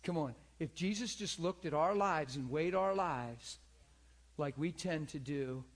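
A man teaching in a church in an animated, earnest way, often asking his listeners to agree with him. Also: a little slow. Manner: animated, acts out people in high pleading voices; earnest, repeats himself, asks listeners for agreement. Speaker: pastor and teacher.

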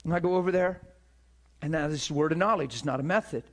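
A man preaching a sermon, telling stories in an animated, emphatic way and acting out the people he quotes. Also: on the high side, quick pace. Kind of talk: sermon storytelling.

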